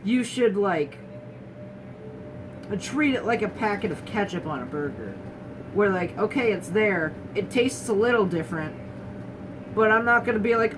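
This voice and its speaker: A young woman with a medium-pitched, animated voice speaks at a moderate pace with frequent pauses, sharing her experience as a guest in a casual talking-head chat. She's candid and wry, often restarting and mimicking others mid-sentence. The distant recording leaves her a bit off-mic, with room noise clearly present.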